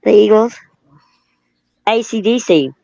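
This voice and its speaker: A middle-aged woman talks in a loose, rambling way as the host of a casual chat, drifting between memories and viewer comments and laughing often. Her voice sits at an ordinary pitch for a woman. It comes through a close, dry mic with dull, lo-fi sound. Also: slow, creaky, mellow, no echo. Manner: rambling, reminiscing, with frequent laughs.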